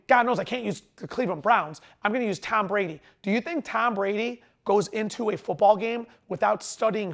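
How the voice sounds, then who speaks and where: A middle-aged man coaching salespeople straight to camera in a high, bright voice. He talks fast and emphatically and sometimes runs his words together, and a tiredness sits under his energy. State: tired after a long lecture. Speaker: sales trainer. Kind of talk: direct-to-camera sales lesson.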